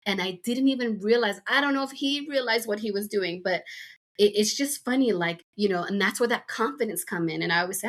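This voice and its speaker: On a podcast, a middle-aged American woman talks casually at a fairly quick clip in a medium-pitched voice. Her story wanders, loaded with fillers and asides.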